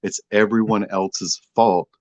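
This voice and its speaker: A man's voice: fairly low pitch, steady tone, a little slow, a little mellow, no room sound. A man speaking as a guest on a livestream panel in a sarcastic, mocking way. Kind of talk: casual livestream chat.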